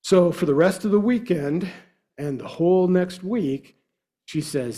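A man telling a personal devotional story in a casual, halting way with frequent fillers. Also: sits high, mellow.

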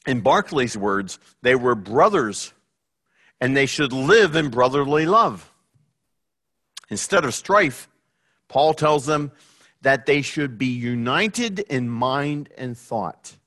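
Slow, halting male preacher. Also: medium pitch, animated, a bit bright. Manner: slow, halting, many fillers and restarts. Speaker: pastor. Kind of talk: sermon.

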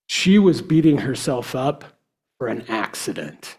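Husky man telling a faith story. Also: mid-range voice, very animated. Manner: casual, halting with fillers. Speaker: speaker telling a devotional story. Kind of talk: personal devotional storytelling.

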